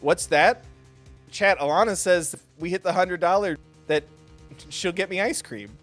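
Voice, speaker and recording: A man's voice: high voice, moderate pace, fairly bright tone, faint music behind. A young adult man streaming a game, joking playfully with chat in a casual way.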